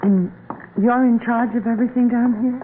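An actress playing a timid, nervous wife in an old-time radio drama, hesitant and pleading. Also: female voice, fairly high pitch, steady tone, normal speed, close to an everyday voice. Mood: curious. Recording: tinny lo-fi old radio broadcast with hiss.

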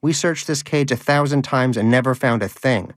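A man's voice: medium pitch, normal speed, no echo, clean studio sound, voice pushed up, close to an everyday voice. A man voicing a hungry, pious pet hamster who preaches with earnest indignation. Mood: preachy.

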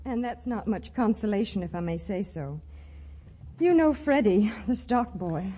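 An actress playing a pert young shop clerk with a chirpy, quick-witted manner, in 1940s radio acting on a dull old broadcast recording. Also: female voice, medium pitch, expressive, dark tone, slightly rough. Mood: banter.

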